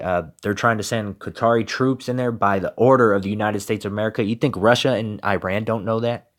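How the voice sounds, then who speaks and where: A man giving emphatic political commentary and reading scripture, with repeated rhetorical questions. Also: fairly low pitch. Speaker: religious commentator.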